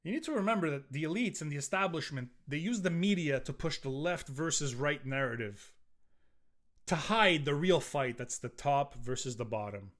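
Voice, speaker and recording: A man's voice: a little high, lively intonation, normal speed, a bit bright. A middle-aged man hosting a solo podcast, ranting in a profane, rambling way with frequent restarts. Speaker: podcast host.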